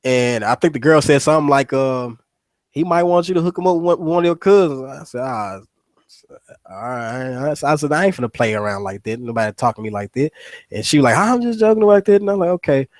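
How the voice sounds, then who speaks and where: A man's voice: mid-range voice, expressive, fairly quick, no echo. Rambling profane man with a dry sound. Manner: rambling, profane, many restarts. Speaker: radio show host. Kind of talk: casual storytelling chat.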